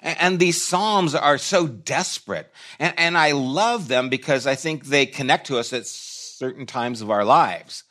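A man's voice: medium pitch, unhurried, hardly any pauses, bright, forceful tone. A man preaching a sermon in a church, reflective and conversational, with short restarts. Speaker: pastor.

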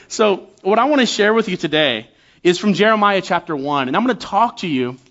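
A man in his forties preaching as a guest church elder, talking casually and poking fun at himself, with frequent quick restarts. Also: high voice, fairly bright tone, highs cut off. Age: 40s. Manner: conversational and self-deprecating, with quick restarts. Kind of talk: sermon with humorous stories.

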